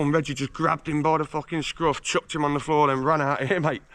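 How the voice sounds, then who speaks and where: A man's voice: a little high, fairly even intonation, fast talker, hardly any pauses, fairly bright tone. A man from England telling boastful stories in a casual, slangy street interview, swearing freely while standing outdoors on a residential street.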